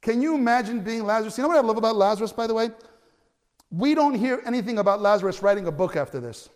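A man with a high, bright voice preaching a sermon. He tells the story with animated energy, pushing to loud cries at the peaks and tripping over restarts now and then. A long hall reverb trails his words. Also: fast talker. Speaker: pastor.

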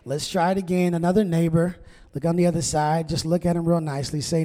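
A man's voice: fairly high pitch, steady tone, fast, warm tone. A male pastor giving a conversational sermon with call-and-response to his congregation in a church. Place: church sanctuary. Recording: long church hall reverb.

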